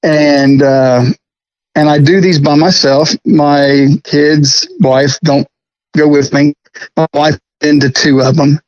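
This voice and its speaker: Casting: middle-aged man, folksy storyteller, slightly raised pitch, dull recording. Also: little pitch movement, slow, darkish tone, no room sound. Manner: chatty, folksy, laughs often. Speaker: guest prop restorer. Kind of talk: casual storytelling interview.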